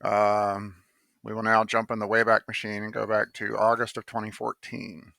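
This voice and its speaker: Gravelly man telling a rambling personal story. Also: lowish voice, monotone, normal speed, sharp tone, dry recording. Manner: rambling, many fillers and restarts, blunt with some swearing. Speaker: poet telling how he wrote a poem. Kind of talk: casual spoken monologue.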